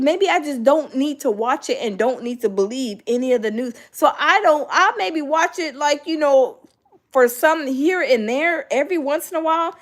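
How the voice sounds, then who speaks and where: A middle-aged woman hosting a casual chat with live viewers, talking in an animated way, acting out other people's voices, with lots of fillers. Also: high-pitched, normal speed. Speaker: host.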